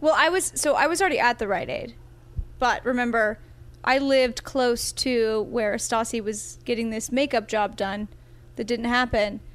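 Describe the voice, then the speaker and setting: A woman comedian joins a casual podcast chat and keeps dropping in wry jokes. Her voice sits a little higher than most. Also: normal speed. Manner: joking, chimes in with quips. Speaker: comedian guest.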